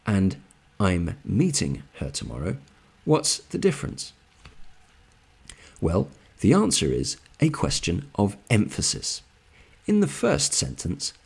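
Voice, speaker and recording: Slow, gravelly-voiced English teacher. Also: male voice, low-pitched, a little mellow. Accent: London English. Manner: slow and careful, repeating example sentences. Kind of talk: slow, deliberate grammar lesson.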